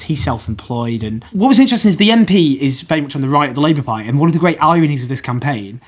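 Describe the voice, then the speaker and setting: A man from Manchester with a Mancunian accent, telling campaign stories quickly and animatedly in a casual political chat. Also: on the high side, husky. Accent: Mancunian English. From Manchester, England. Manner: rapid, animated storytelling with restarts and quoted voices.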